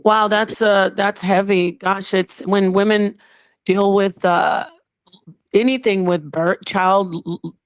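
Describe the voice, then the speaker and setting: A woman's voice: mid-range voice, steady tone, slow pace, dry recording. A woman speaking as a guest in a casual live online chat, thoughtful and a little hesitant. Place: online live audio room.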